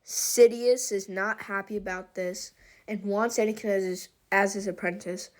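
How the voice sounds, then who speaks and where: A woman's voice: medium pitch, fairly even intonation, normal speed. Chatty woman retelling a fan story. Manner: chatty and rambling, with fillers and restarts. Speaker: YouTube storyteller.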